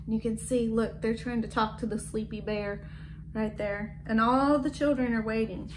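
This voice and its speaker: High-voiced woman reading aloud to children. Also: unhurried, noisy background. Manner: gentle, asks the listening children questions. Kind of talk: children's book read-aloud. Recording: echoey room with faint background.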